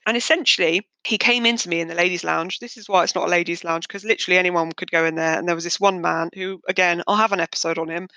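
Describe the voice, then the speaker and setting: A woman's voice: medium pitch, bright, forceful tone, dry recording. A woman hosting a podcast, telling a long personal story in a chatty, rambling and darkly candid way. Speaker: podcast host. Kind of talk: casual storytelling monologue.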